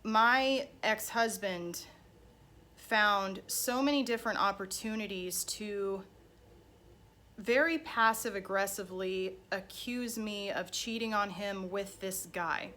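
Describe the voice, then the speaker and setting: A woman's voice: medium pitch, slow, bright, forceful tone. A woman life coach telling a personal story in a candid, conversational way.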